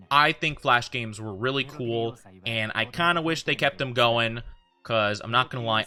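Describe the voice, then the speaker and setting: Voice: medium pitch, pushed and bright. A VTuber streamer in rambling casual chat with viewers during a game stream.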